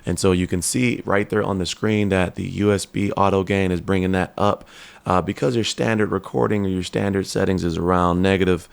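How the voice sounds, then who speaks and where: A man with a very low, gravelly voice walks through a tech demo in his home studio. He talks in a relaxed, explanatory way, with plenty of ums and restarts as he clicks through settings on a desk microphone. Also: brisk. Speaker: tech reviewer. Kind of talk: casual product demo. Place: home studio with computer fans nearby. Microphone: dynamic USB/XLR desk mic, switching to camera shotgun mic.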